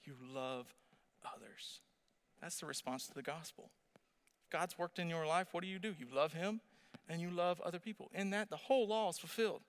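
A man in his thirties preaching a sermon, telling a family story with animated energy and asking the audience questions. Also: sits high, fast talker, smooth. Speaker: pastor.

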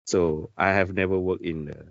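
Hesitant low-voiced podcast co-host, male. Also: fairly even intonation, normal speed, no echo. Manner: hesitant, full of fillers. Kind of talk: casual podcast chat. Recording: dull dry podcast audio.

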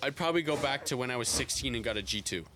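A young Canadian man co-hosting a casual podcast, rambling through childhood stories with casual swearing and flat denials. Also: mid-range voice, rapid-fire, background noise. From Toronto area, Canada. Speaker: podcast co-host.

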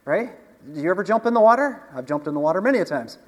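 A man with a high, expressive voice races through a casual sermon, speaking conversationally to the congregation. He poses questions to them and chuckles often, and the recording carries a long hall reverb.

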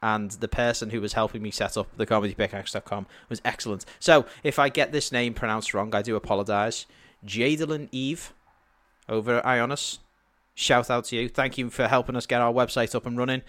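A man's voice: medium pitch, level tone, brisk, fairly bright tone, no room sound. Joking podcast host man, dry close mic. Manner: joking, laughs often, crude humor. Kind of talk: casual comedy podcast chat.

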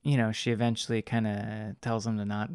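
A man's voice: fairly low pitch, level tone, fairly quick, darkish tone, smooth, no echo. Casual male podcast co-host, rambly and profane, dry close sound. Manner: rambling, filler-heavy, swears casually. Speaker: podcast co-host reviewing a film. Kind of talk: casual chat.

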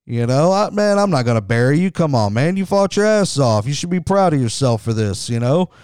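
A man putting on the voice of a calm, gruff male wrestler, speaking in a low, laid-back drawl. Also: a little fast, no room sound, clean studio sound.

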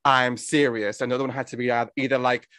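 A man's voice: medium pitch, monotone, rapid-fire, a bit bright, no room sound. A man in casual conversation, animatedly mocking a film's characters with profane jokes. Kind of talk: casual film review chat.

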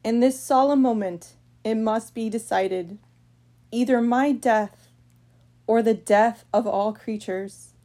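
A woman's voice: on the high side, slow pace, mellow. A woman voicing the suffering Jesus in a devotional reading, speaking in a raised, pleading and impassioned way. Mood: anguished.

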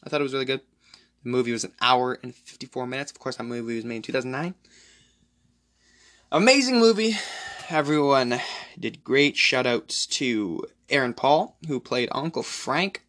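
A man hosting a solo podcast, rambling excitedly and profanely through a movie recap. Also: medium pitch, normal speed. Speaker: podcast host.

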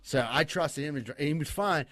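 A man telling a wild story in casual podcast chat, cursing often, laughing and talking excitedly. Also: fairly high pitch, a little fast, no echo. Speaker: podcast co-host.

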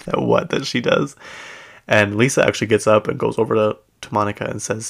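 A man's voice: lowish voice, moderate pace, creaky, pauses often, breathy edge. A man hosting a podcast, chatting casually and rambling with lots of fillers and self-corrections. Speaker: podcast host. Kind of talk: casual chat.

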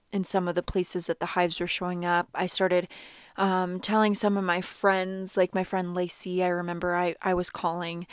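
Chatty young woman, low voice, dry sound. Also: clear, resonant tone, no room sound. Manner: chatty, animated, many "like" fillers. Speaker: vlogger. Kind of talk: casual storytelling.

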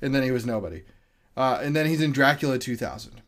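A man's voice: medium pitch, expressive, fast. A man hosting a podcast, chatting casually and stumbling over names as he reads out film credits. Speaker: podcast host. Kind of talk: casual chat.

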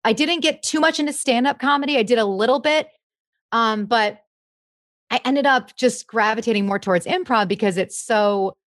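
A young woman, a comedian, chatting in an interview, lively and laughing often. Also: fairly high pitch, normal speed, no echo, studio quality. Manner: chatty, animated, laughs often, slips into impressions. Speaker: comedian guest. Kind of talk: casual interview chat.

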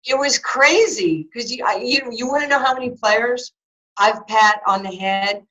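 A woman in her fifties from New York, a former basketball player telling animated stories in an interview and acting out quotes. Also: fairly high pitch, unhurried, low-quality recording. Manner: lively anecdotes with acted-out quotes, many fillers.

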